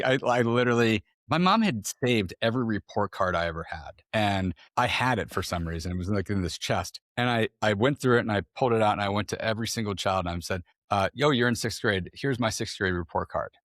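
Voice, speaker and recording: A man's voice: on the low side, fairly bright tone, no echo, clean studio sound. A middle-aged man, a guest on a podcast, telling personal stories in a blunt, candid way, swearing freely and acting out what people said. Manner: blunt, profane, acts out quoted voices. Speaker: guest, entrepreneur. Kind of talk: candid conversational storytelling.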